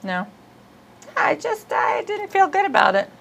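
Bright-voiced giggly woman host. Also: high-pitched, wildly swooping pitch, unhurried, gravelly, slight background noise, low-quality recording. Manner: rambling, giggly, self-deprecating. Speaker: podcast host. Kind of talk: casual comedic chat.

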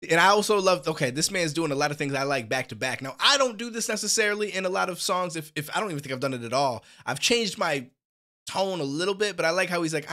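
Speaking fast with lively intonation, this man's fairly high voice sounds pushed, bright, stuffy, and nasal. On a studio podcast mic, he hosts a music reaction video, rambling enthusiastically and often restarting.

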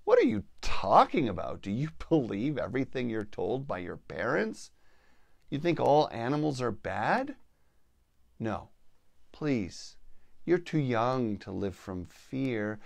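A man voicing a sly wild female mountain lion, a mother, in a coaxing, hushed, low way in a spoken story. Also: big pitch swings, takes it slowly, creaky, no room sound, full character voice. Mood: pleading.

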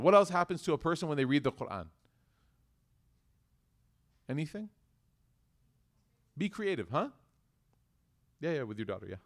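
A man teaching a religious class, talking casually and asking the students questions as he goes. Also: a little high. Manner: conversational, asks the class questions. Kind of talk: interactive class lecture.

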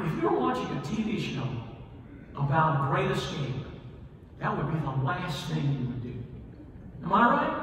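A man preaching a sermon, telling a Bible story with swings between loud emphasis and quiet asides. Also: high-pitched, a little hiss or hum. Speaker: pastor. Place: church sanctuary. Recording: echoey hall, from far off, faint ambience.

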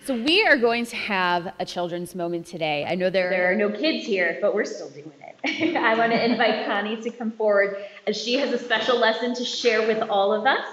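A woman leading a church service, making relaxed, friendly announcements to the congregation. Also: mid-range voice, moderate pace. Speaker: worship leader. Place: church sanctuary. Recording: echoey, dull church sound.

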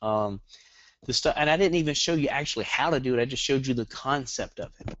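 Middle-aged Southern US man, fast, joking webinar trainer; plain dry, muffled call audio. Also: mid-range voice, fairly bright tone, no room sound. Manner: rambling, joking, fast-talking. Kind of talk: online marketing webinar.

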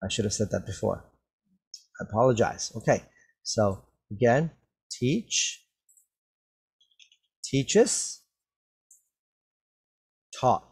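A man teaching English vocabulary, reading slowly and repeating each word clearly for learners, speaking through a mask. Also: on the low side, a little mellow. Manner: very slow, carefully enunciated, repeats words for learners. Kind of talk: slow classroom reading and vocabulary drill. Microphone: wears a mask while talking.

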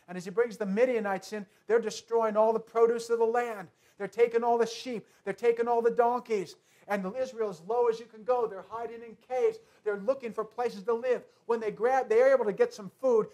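A male pastor delivering a sermon, repeating key phrases emphatically and moving between soft asides and loud declarations. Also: high voice.

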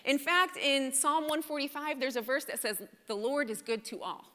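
A woman delivers a sermon at a church service, her voice sitting high and moving at a moderate pace. She's animated and conversational, often checking in with listeners by asking "right?" as the congregation responds. The church hall reverb fills the sanctuary.

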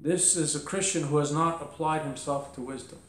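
A man's voice: a little high, steady tone, normal speed, reverberant. A man preaching a sermon as pastor, emphatic, firing rhetorical questions and voicing mock objections. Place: church.

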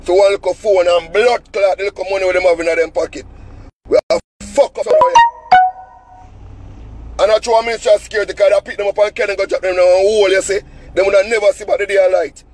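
A man's voice: high-pitched, fairly even intonation, fast talker, a little mellow, faint music behind, poor audio. A Jamaican man telling a story as an angry, cussing rant in heavy patois, sitting in a car. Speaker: vlogger.

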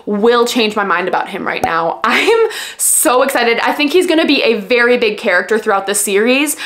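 A book vlogger, a woman with a slightly high voice, talks in a loose, chatty way. She gushes freely and fills her sentences with fillers. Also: expressive, moderate pace, fairly bright tone. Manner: gushing, chatty, many fillers. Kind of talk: casual reading vlog chat.

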